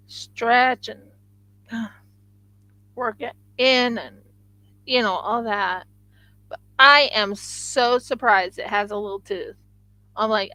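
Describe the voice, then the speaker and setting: A woman's voice: a little high, slow pace, pauses often, pushed and bright, dry recording, rough recording. A woman live-streaming her craft work, chatting casually and thinking aloud to viewers as she sculpts.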